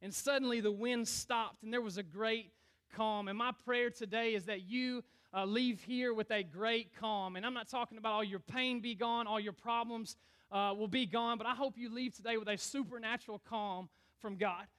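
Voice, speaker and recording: A young man, a youth pastor preaching a lively sermon in church and calling on the congregation to answer back. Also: sits high, normal speed. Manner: energetic, calls on the crowd to respond.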